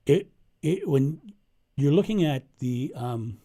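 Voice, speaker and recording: A middle-aged man speaks in a dark, mellow tone with a gravelly edge. He talks as a spiritual coach answering questions live, earnest and story-driven. He circles back on key phrases to drive them home. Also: fairly high pitch, lively intonation, slow. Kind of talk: livestream Q&A monologue.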